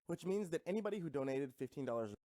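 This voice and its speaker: A man calmly reading out a scripted first-person story. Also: on the high side, fast talker, no echo. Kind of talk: scripted narration.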